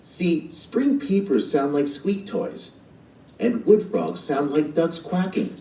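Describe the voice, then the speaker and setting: Man reading as an earnest frog-loving kid, raised pitch, roomy and distant audiobook sound. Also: expressive, takes it slowly, mellow, slight background noise. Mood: eager. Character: eager young boy obsessed with frogs.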